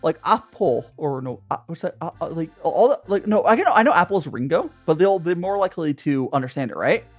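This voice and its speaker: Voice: mid-range voice, expressive, a little fast, few pauses, faint music behind. A young adult streamer chatting casually over tea, rambling and greeting viewers by name. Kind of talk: casual chat while drinking tea.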